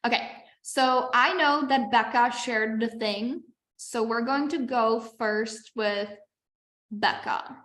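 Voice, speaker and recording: Woman coach, high-ish voice, chatty and encouraging, teaching live over a video call in an echoey room. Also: slow pace, fairly bright tone. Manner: chatty and encouraging, with frequent "like" and "okay". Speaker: business coach. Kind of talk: live online masterclass teaching.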